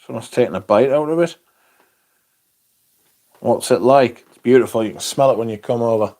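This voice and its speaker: A man's voice: medium pitch, moderate pace, darkish tone. A man hosting a casual livestream, reading out viewer comments in a laid-back, rambling way and swearing now and then. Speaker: livestream host.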